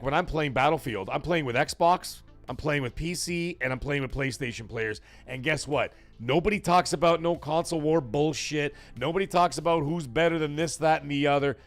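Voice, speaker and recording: Stream host, male, casual and animated, voice on the higher side, soft music bed. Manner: animated, rambling, thanks chat viewers, swears. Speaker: livestream talk show host. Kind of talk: casual live-stream chat.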